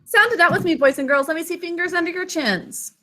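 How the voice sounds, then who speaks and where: High, bright-voiced woman teacher. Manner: slow, deliberate enunciation with praise. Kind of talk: online spelling lesson for children. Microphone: video call.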